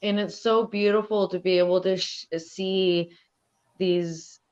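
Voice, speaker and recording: A woman's voice: medium pitch, fairly even intonation, a little slow, a little mellow, smooth. A woman speaking as an elder guest on a podcast, talking in a thoughtful, rambling way with many fillers. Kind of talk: casual interview conversation. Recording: dull lo-fi audio.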